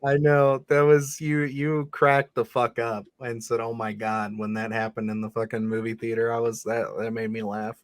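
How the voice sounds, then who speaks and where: A man's voice: medium pitch, monotone, moderate pace, hardly any pauses, no room sound. A man co-hosting a podcast, reviewing a film in blunt, profane, rambling casual chat. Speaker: podcast co-host.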